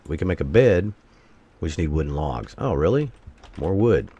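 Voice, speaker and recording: A man's voice: extremely low pitch, big pitch swings, normal speed, mellow, slightly rough. A man giving let's-play commentary, talking to himself and bursting into exasperated curses.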